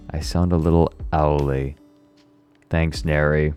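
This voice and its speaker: A man casually chatting with viewers on a livestream, laid-back, a little hoarse, swearing now and then. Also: a bass voice, slow, pauses often, soft background music. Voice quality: slightly hoarse relaxed voice.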